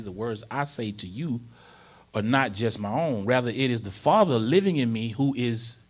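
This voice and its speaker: A male pastor preaching in a church, with a voice of ordinary middle pitch for a man. His delivery is loose and conversational, full of check-ins with the listeners. When he reads scripture, he presses harder and louder. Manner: informal, repeatedly checks in with the congregation. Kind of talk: conversational sermon.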